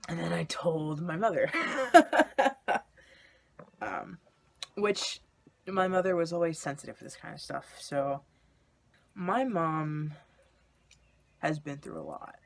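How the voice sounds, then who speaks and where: A man's voice: a little high, unhurried, vocal fry, long pauses. A young man candidly telling a personal story in a vlog, in a confessional way. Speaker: vlogger.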